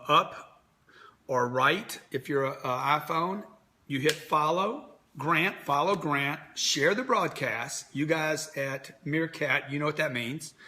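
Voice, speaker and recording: A man in his fifties runs a motivational livestream as a business coach. He talks bluntly, like a salesman, in a bright, forceful voice that sits a little high for a man. He sounds like he is speaking into a phone. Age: 50s. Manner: brash, direct, salesy pitch.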